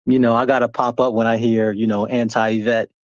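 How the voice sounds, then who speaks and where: A man's voice: mid-range voice, level tone, brisk, dry recording. Man caller, cuts in with a pointed question, dull lo-fi dry line. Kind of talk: heated live podcast debate.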